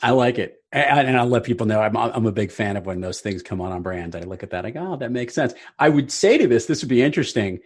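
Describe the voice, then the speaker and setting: A man's voice: mid-range voice, animated, fast, hardly any pauses, slightly rough. A man hosting a podcast who talks in an easygoing, reflective way as he interviews a guest. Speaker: podcast host. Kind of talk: relaxed interview conversation.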